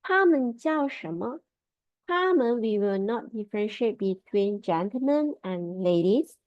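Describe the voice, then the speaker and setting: A woman leads an online Mandarin lesson, repeating each word and tone with slow patience. Her pitch swoops up and down as she models the tones. The sound is dry and muffled, like a video call. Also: no echo. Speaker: Mandarin teacher. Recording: dull lo-fi video call audio.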